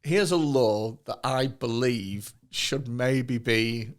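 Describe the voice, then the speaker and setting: A man's voice: medium pitch, slow pace. A man hosting a comedy podcast, chatting casually with crude, sweary jokes and frequent laughter. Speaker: podcast host.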